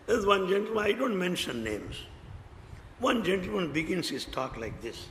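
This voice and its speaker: An older man with an Indian English accent telling devotional stories in a lively way, acting out what people said. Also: high-pitched, brisk, creaky. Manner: animated storyteller, acts out quotes, laughs often. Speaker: spiritual speaker. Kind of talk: devotional talk with anecdotes. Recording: echoey hall, faint background noise.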